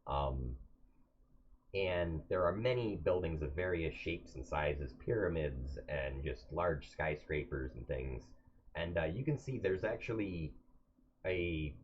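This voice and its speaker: A man narrating as game master of a tabletop game, hesitant and full of fillers. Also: low voice. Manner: hesitant, many fillers, relaxed. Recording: dull lo-fi recording, faint hiss.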